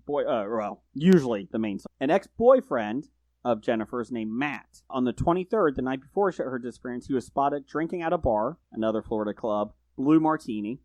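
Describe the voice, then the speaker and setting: A man's voice: medium pitch, darkish tone, no room sound. Man chatting casually in a dry room. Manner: rambling, self-correcting, joking asides. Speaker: podcast guest. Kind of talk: casual true-crime chat.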